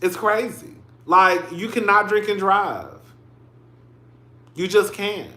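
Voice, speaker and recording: A man's voice: high voice, takes it slowly, bright, forceful tone, roomy sound. A man in his thirties hosting casual livestream commentary, chatty and emotional, calling his listeners "girl" and "y'all". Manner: emotional, tearing up on stream.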